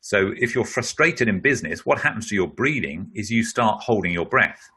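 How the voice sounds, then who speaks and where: A man's voice: fairly low pitch, lively intonation, moderate pace, pushed and bright, slightly rough. A middle-aged man answering a question in a webinar, explaining in a conversational way with many fillers. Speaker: speaker on leadership.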